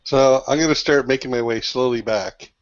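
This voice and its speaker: A man's voice: medium pitch, normal speed, dry recording. A laid-back man joking around while playing a tabletop role-playing game. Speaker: player. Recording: dull lo-fi sound.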